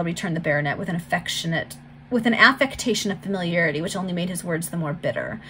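A woman reading a Victorian novel aloud in a steady, clear, measured voice. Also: on the low side, slight background noise, rough recording. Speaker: volunteer reader.

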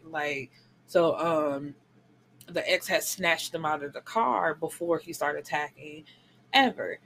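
A woman's voice: on the low side, a little slow, fairly bright tone, slight background noise. A woman casually retelling a book's plot as a book reviewer, chatting loosely with lots of fillers and briefly acting out the characters' lines.

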